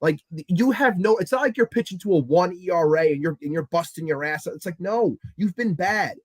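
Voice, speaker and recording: A man's voice: high-pitched, lively intonation, a little fast, slightly rough, dry recording. A man co-hosting a sports podcast, ranting in an exasperated way and swearing. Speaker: podcast co-host. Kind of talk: heated sports talk rant.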